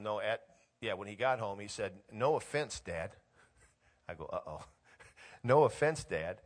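A middle-aged man preaching a sermon, telling a family story and reading scripture aloud with growing excitement. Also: lowish voice. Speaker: pastor.

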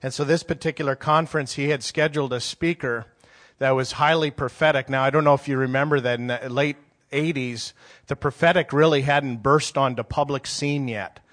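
A man's voice: medium pitch, steady tone, a little fast, fairly bright tone. A man in his forties preaching a sermon and telling a story in a conversational, rambling way, with many restarts.

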